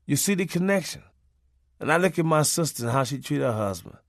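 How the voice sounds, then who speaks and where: A man's voice: on the high side, animated, fairly quick, no echo, clean studio sound. A man narrating a comic memoir in a loose, profane, conversational way, laughing as he goes. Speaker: audiobook narrator.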